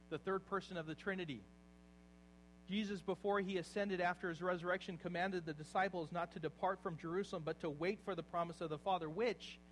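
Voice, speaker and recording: A man preaching a sermon, dropping to quiet, low asides and then rising into loud exhortation. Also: poor audio. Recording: faint mains hum behind.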